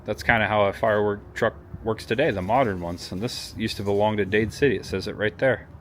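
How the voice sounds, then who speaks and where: A fairly low-voiced man narrates a casual museum walkthrough, pointing out things as he walks. He chats easily, first inside an old schoolhouse, then outdoors in a village. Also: brisk, a bit bright, a little hiss or hum. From Indiana family roots. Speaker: vlogger touring a museum.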